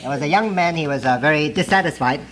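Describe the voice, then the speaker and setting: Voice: mid-range voice, fast, a bit bright, a little hiss or hum, poor audio. An interpreter rendering a preacher's testimony sentence by sentence, hesitant and often laughing. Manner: hesitant, many fillers and restarts, often laughing. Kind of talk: consecutive interpreting of a sermon.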